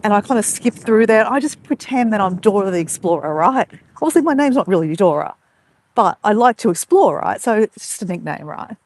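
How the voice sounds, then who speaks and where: An Australian woman chats freely on a live stream, her phone held out as she strolls along an outdoor beach at dusk. She talks with easy, rambling warmth, greeting viewers by name between stories. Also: medium pitch, lively intonation, brisk. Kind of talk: casual live-stream chat while walking. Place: outdoors on a beach walk at sunset. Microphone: phone held while walking.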